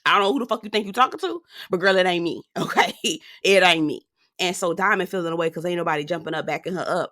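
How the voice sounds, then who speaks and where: Woman, sassy outspoken TV recap, lowish pitch, forceful bright tone, casual commentary. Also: fast. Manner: sassy and outspoken, talks straight to viewers. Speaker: reality TV reviewer.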